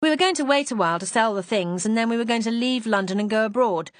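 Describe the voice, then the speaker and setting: A defiant, self-assured young woman, as a woman narrator puts her on, speaking frankly and a touch higher than the narration. Her answers come direct and unapologetic in a dry, close mystery-audiobook read. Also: fast, dry recording, lightly acted.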